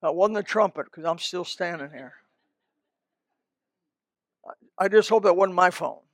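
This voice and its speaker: Folksy preacher guy, high voice, rambles with asides, dry close sound. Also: unhurried, no room sound. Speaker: pastor. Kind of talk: sermon.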